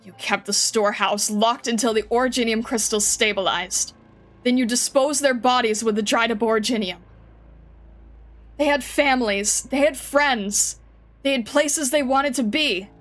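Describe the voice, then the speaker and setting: A woman's voice: on the high side, normal speed, a bit bright, natural voice. A woman voicing a stern young woman investigator who speaks coldly and accuses, over faint background music. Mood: accusing. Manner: cold and accusing, rising to anger.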